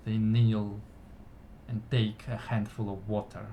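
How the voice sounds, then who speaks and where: A man narrating a fantasy ritual scene for a story game in a soft-spoken, deliberate way. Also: fairly low pitch, little pitch movement, slight background noise. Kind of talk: slow descriptive fantasy narration.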